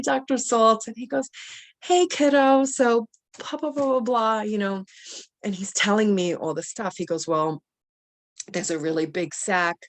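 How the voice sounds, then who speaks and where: A young adult woman telling her own story in a lively, rambling way, full of fillers, often acting out what people said. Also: on the low side. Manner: animated, many fillers, quotes people in dialogue. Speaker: cancer survivor guest. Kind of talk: personal storytelling.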